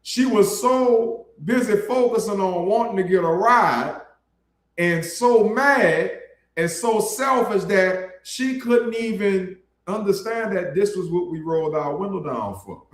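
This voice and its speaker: A man delivers a casual street sermon with blunt, preachy force and plenty of slang. His voice sits slightly high for a man. The recording carries a noticeable room echo. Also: slow. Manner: blunt, preachy, colloquial, addresses listeners as bro. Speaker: street preacher hosting an online ministry.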